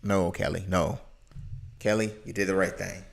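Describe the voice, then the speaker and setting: A man's voice: sits low, normal speed, creaky. A man giving live reaction commentary, exclaiming and offering advice. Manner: animated, exclaiming, preachy asides. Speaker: reaction streamer.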